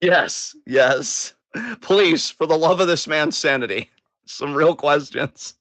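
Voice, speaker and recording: A man's voice: fairly high pitch, slow, fairly bright tone, dry recording. A man hosting a casual podcast chat, joking, laughing and swearing casually. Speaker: host.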